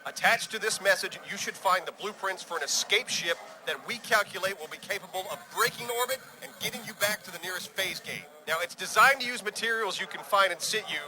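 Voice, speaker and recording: A man's voice: high-pitched, brisk, few pauses, close to an everyday voice, poor audio. A man voicing a businesslike male headquarters operator giving instructions to stranded crew.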